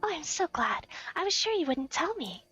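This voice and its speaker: A woman's voice: very high voice, sing-song, normal speed, a bit bright, no echo, soft background music, pitched above the performer's own voice, full character voice. A woman voicing a disguised female assassin posing as a traveler, sly and whispery with a menacing edge.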